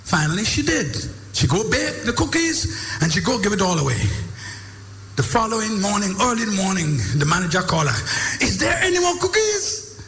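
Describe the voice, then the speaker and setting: A man giving an emphatic, preacher-like motivational speech, swinging between booming lines and low ones. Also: sing-song, a little fast, a bit bright, echoey room, long reverb tail, a little hiss or hum. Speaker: motivational speaker.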